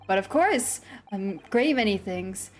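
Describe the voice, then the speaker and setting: A woman's voice: medium pitch, lively intonation, unhurried, faint music behind. A woman reading as a grandiose eccentric detective. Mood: grandly deducing. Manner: theatrical, declaiming deductions. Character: grandiose eccentric male detective, self-assured.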